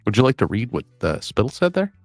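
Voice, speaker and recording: A man's voice: on the low side, big pitch swings, fast, vocal fry, a little mellow, no room sound. A man co-hosting a live political chat show, joking and teasing his co-host. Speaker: livestream co-host.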